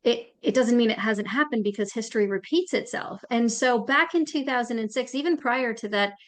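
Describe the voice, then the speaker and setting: A woman's voice: fairly high pitch, brisk. A woman hosting a podcast, asking questions and reflecting aloud in a conversational interview. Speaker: podcast host.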